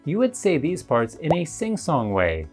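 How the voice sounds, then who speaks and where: A woman narrating an English lesson. Her voice is low but moves up and down a lot. She explains points clearly and methodically. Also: wildly swooping pitch, unhurried, darkish tone, faint music behind. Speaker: English teacher.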